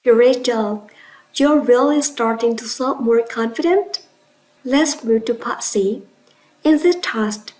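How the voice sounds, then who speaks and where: A woman with a Vietnamese accent teaching an English pronunciation lesson in a clear, instructive way, praising her students. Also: on the high side, a little mellow, low-quality recording. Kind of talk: classroom lesson.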